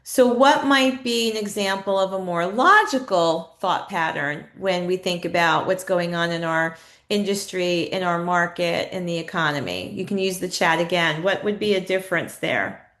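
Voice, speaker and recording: A woman's voice: fairly low pitch, moderate pace, a bit bright. Woman leading a live online training. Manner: conversational, asks the audience questions, reads chat replies. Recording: echoey room.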